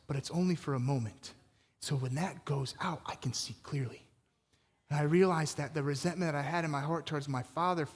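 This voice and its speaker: A man preaching a sermon in a conversational, energetic way with casual fillers, speaking to a congregation. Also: fairly high pitch, in a large hall. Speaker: pastor.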